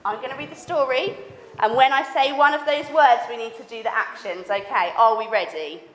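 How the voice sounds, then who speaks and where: A woman leading a children's session, teaching hand signs and reading a story to the kids in an animated, teacherly way. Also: a little high, fairly quick. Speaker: children's ministry leader. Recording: echoey hall with faint background noise.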